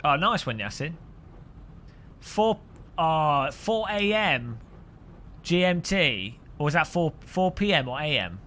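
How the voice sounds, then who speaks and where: A man's voice: on the high side, sing-song, slow pace, long pauses, pushed and bright, a little hiss or hum. A man streaming sim racing, chatting and joking with viewers and often laughing. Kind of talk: casual live-stream commentary while sim racing.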